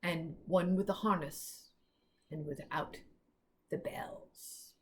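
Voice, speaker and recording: A woman's voice: low voice, steady tone, slow, a little hiss or hum. A woman voicing a cruel, imperious witch queen who speaks in a cold, commanding voice in a storybook reading.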